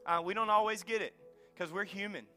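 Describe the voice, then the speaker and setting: Pastor, man in his thirties, high bright voice, preaches with anecdotes and quiet hushed moments. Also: brisk, soft background music. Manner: storytelling, drops to soft near-whisper for emphasis. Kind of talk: sermon. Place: church sanctuary.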